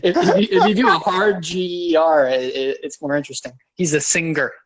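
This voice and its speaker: A man's voice: a little high, expressive, brisk, no echo. A man co-hosting a casual chat podcast. He teases his friend with sarcastic jokes. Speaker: podcast co-host.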